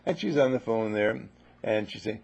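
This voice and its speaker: A man's voice: on the low side, moderate pace, vocal fry, darkish tone, slightly rough, lo-fi sound. A man giving a spoken teaching talk, telling playful stories and repeating his phrases for effect. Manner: playful, repetitive storytelling.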